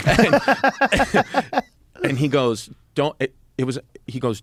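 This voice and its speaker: A man in his thirties from New York, a comedian guest on a podcast telling a story in casual chat, acting out the quoted lines in a lowered voice. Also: very animated, measured pace, a bit bright, dry recording. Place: podcast studio.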